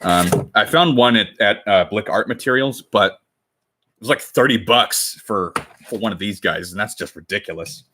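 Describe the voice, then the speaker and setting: Young american guy livestreaming his crafting, bright voice pitched a bit low, rambly and chatty. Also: normal speed, a little hiss or hum. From United States. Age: 20s. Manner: rambling, self-correcting, chatty with viewers. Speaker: cosplay livestreamer. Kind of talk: casual livestream chat while crafting.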